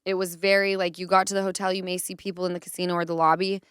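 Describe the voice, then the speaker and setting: Woman host, thirties, casual chat, smooth clear voice, acts out quotes. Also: on the low side, very fast, dry recording, studio quality. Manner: animated storytelling with acted quotes. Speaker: podcast host.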